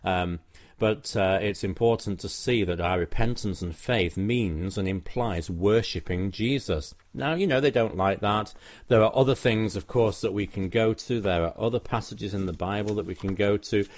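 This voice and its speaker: A man's voice: lowish voice, moderate pace. A man teaching from the Bible on a personal recording, explaining verses earnestly and quoting scripture aloud, with frequent ums and uhs. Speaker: preacher recounting a doorstep discussion.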